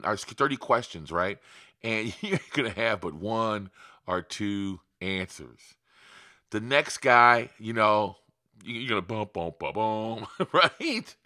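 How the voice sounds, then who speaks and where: A man coaching beginners in a loose, profane motivational talk. His voice is bright and forceful, and he keeps tossing out "right?" and short laughs. The sound is close and dry, with no room around it. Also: medium pitch, dry recording. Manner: profane, emphatic, fast-shifting; laughs often, asks rhetorical "right?". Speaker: marketing coach.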